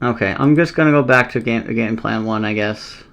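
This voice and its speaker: Man, gamer voice, mid-range pitch, casual rambling play-by-play, swears a lot. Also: moderate pace, a bit bright. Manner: thinking aloud, casual and rambling; swears often, exasperated. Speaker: competitive game player. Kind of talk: live gameplay commentary.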